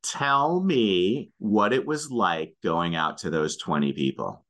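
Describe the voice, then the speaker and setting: A man with a very low voice hosts a podcast interview. His tone is bright and forceful, and he drops in quick follow-up questions. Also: lively intonation. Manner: brief reactions and follow-up questions. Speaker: podcast host. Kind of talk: casual interview.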